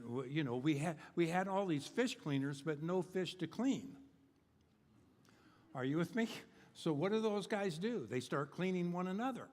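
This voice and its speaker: An older man preaching a humorous sermon, rambling and joking with many fillers and restarts. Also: fairly high pitch. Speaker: guest preacher. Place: church sanctuary. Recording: long hall reverb in a church.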